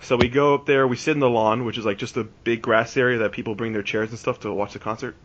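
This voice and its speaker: A man's voice: mid-range voice, fairly even intonation, fast talker, noisy background. A man in his twenties telling a long story on a podcast, rambling and restarting, full of "like". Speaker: podcast host. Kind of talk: casual storytelling. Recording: dull lo-fi podcast recording.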